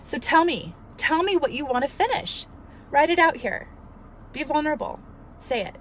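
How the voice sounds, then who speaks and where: A woman in her thirties, a fitness coach, telling a story in an earnest, emotional, animated way and giving motivational advice. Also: high-pitched, moderate pace, a little hiss or hum. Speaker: fitness coach and studio owner. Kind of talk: casual motivational vlog.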